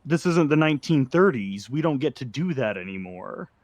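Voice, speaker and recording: A man running a tabletop game at a middle pitch, talking in a loose, meandering way with plenty of fillers. The recording is dry and close, with no room sound around him. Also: big pitch swings, moderate pace, no echo. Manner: casual, filler-heavy narration. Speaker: game master.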